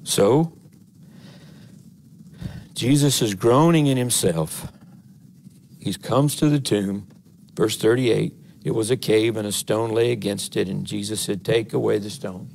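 A man's voice: fairly low pitch, a little slow, gravelly, long pauses, a little mellow, a little hiss or hum. A man, an assistant pastor giving a conversational sermon in a church, earnest and folksy, rising to emphatic passages. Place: church sanctuary.

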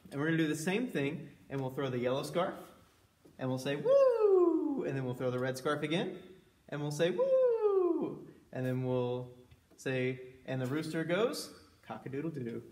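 A man leading a children's music session, playful and animated, singing and whooping with the kids. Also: medium pitch, brisk, roomy sound, recorded from a distance. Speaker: children's library music leader. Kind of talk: children's sing-along lesson. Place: library room.

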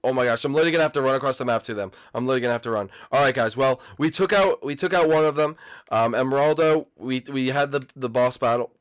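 Excitable young man commentating gameplay. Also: medium pitch, fast, clear, resonant tone, soft background music. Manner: excitable, jumpy, talks to viewers and players. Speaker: gaming channel host.

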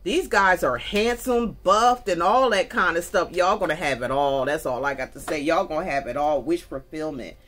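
A woman's voice: low-pitched, moderate pace, few pauses, fairly bright tone. A woman giving a casual spoken tarot reading, chatty and folksy, talking straight to her viewers. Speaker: tarot reader. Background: faint music.

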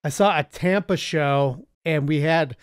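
Chatty man with a higher voice, dry mic. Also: measured pace, clean tone, no room sound. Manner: animated storyteller, quotes people in voices. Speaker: podcast host. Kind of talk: casual chat.

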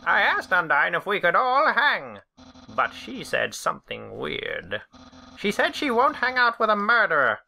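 A boastful male skeleton bounces through his lines in a brash, showy tone, as a woman puts him on. The pitch jumps well above her own deep voice and swings around a lot, with a bright edge. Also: wildly swooping pitch, a little slow, gravelly, heavily acted.

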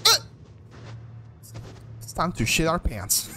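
A man streaming a video game live, chatting excitably to his viewers with lots of laughs and stumbling restarts. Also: a little high, takes it slowly. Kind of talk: livestream gaming commentary. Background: game music.

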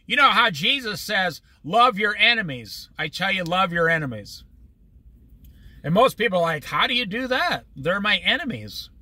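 A man leading a Bible study in a high, very bright voice that swings widely in pitch. He preaches conversationally and with humor, often slipping into quick everyday voices. The sound is dry and close. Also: dry recording.

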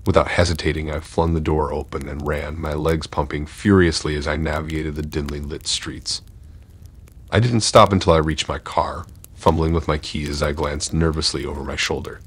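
Brief: male narrator for scripted horror stories, extremely low voice with a husky edge, measured and tense. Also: steady tone, dry recording.

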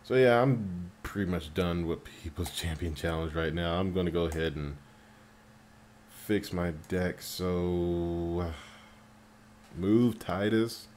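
A man casually commentating his mobile game as he plays, getting excited and swearing at the game when it annoys him. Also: sits low, measured pace, slight background noise. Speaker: mobile game player narrating gameplay.

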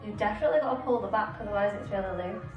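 A woman's voice: mid-range voice, rapid-fire, echoey room, far from the mic, over music, rough recording. A young woman vlogger, chatting casually and giggling while trying on outfits. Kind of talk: casual try-on haul chat.

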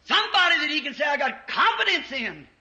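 A man preaching an impassioned revival sermon in a church, rising to shouts at the peaks. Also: very high voice, very animated, a little fast. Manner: impassioned, shouting at peaks, old-time Southern US preaching cadence. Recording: echoey church, dull 1950s tape.

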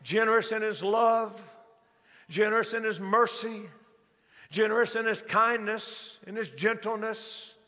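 A man preaching a sermon as pastor, speeding up for emphasis and slowing to stress key words. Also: sits high, fairly even intonation, sharp tone. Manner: preaching with rising emphasis and slowed, stressed phrases. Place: large church sanctuary. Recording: live church hall reverb.

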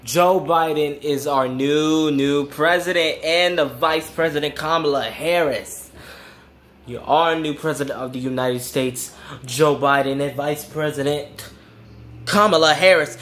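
A young woman vlogging to her viewers, gushing with excitement and swearing freely. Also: low-pitched, unhurried, roomy sound, slight background noise. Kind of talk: excited casual vlog.

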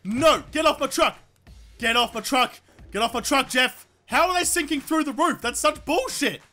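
A young man commentating a brawling game, loud and excitable, yelling and swearing a lot. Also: extremely high pitch, moderate pace, soft background music. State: sore throat from yelling. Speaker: gaming YouTuber. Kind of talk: let's play commentary. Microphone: desk microphone.

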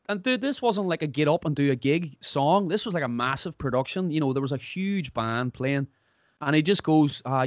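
A man's voice: fairly high pitch, normal speed, dry recording, lo-fi sound. An Irish man hosting a podcast, chatting casually and acting out the people in his stories. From Ireland. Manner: animated storyteller, acts out quotes. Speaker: podcast host. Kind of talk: casual chat.

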